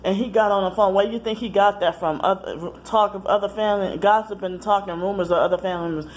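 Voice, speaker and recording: Woman vlogging, rambly and halting, keeps correcting herself, medium pitch, faint hum behind. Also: steady tone. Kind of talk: casual personal monologue.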